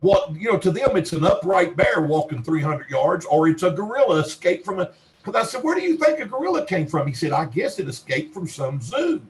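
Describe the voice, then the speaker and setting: A man's voice: fairly high pitch, expressive, normal speed, poor audio. Folksy Western Kentucky man telling stories. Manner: folksy rambling storyteller, acts out quoted dialogue. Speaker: Bigfoot researcher guest. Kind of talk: podcast interview storytelling.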